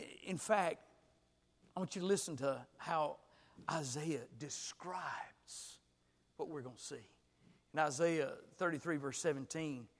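A man preaching a sermon as pastor, swinging from hushed storytelling to shouted exclamations. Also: fairly high pitch, big-room sound.

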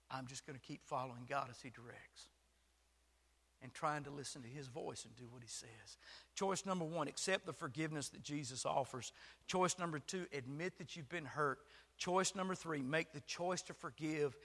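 A man's voice: on the high side, bright, forceful tone. A male pastor preaching a sermon in a folksy, self-deprecating style with jokes, in a church sanctuary. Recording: long hall reverb.

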